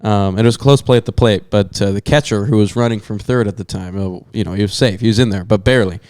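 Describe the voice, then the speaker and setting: Speaking fast in a lowish, slightly mellow voice, a young man rambles through a long story for his fellow podcast hosts, full of fillers and side remarks. The casual chat is recorded dry, in studio quality.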